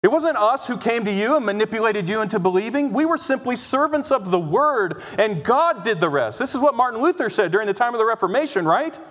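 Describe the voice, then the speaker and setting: Emphatic high-voiced preacher in a reverberant hall. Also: male voice, expressive, brisk, hardly any pauses, fairly bright tone. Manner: emphatic, dramatizes quoted speech, frequent "right?". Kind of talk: expository sermon.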